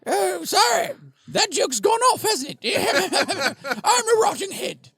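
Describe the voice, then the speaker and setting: A man putting on a high, shouting comic voice of a rotting severed head guarding a bridge. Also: expressive, fairly quick, creaky, exaggerated voice. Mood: silly mocking. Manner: shrill, shouting comic put-on voice.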